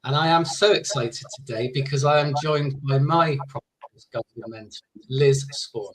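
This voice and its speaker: A man's voice: mid-range voice, moderate pace, poor audio. A man hosting an interview podcast, speaking earnestly and often repeating his words. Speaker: podcast host. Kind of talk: casual interview chat.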